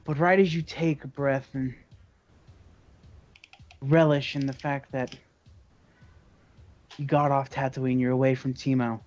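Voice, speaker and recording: A man's voice: mid-range voice, flat delivery, a little slow, pauses often, a little mellow, faint music behind. A man narrating as game master of a tabletop game, in loose, hesitant speech full of fillers. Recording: dull lo-fi recording.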